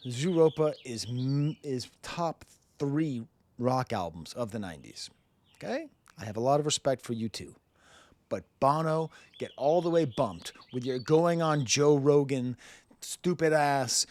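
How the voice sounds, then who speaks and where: A man's voice: medium pitch, animated, normal speed, darkish tone, no room sound. A man in his forties reviewing a rap album in blunt, sarcastic casual commentary, laughing often. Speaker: music reviewer.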